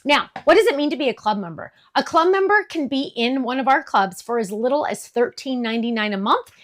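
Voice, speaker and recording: Middle-aged woman, craft shop host, gushing product demo, a bit high-pitched. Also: animated, fairly quick. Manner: gushing, enthusiastic.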